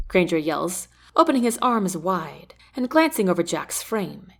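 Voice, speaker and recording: A woman narrating a novel in the first person, with an expressive, varied reading. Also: on the low side, measured pace, vocal fry. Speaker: audiobook narrator.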